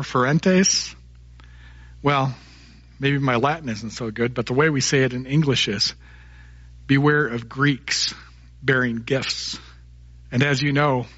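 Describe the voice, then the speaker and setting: Husky pastor preaching a folksy sermon. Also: male voice, on the high side, a bit bright, lo-fi sound. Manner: storytelling, folksy, punny jokes.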